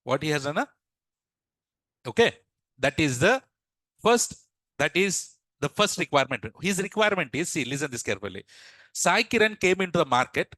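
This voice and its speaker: Bright-voiced man teaching. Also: on the high side, big pitch swings, moderate pace, pauses often, no echo, rough recording. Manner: repeats questions to the class, asks "yes or no". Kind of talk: classroom lesson told as a story.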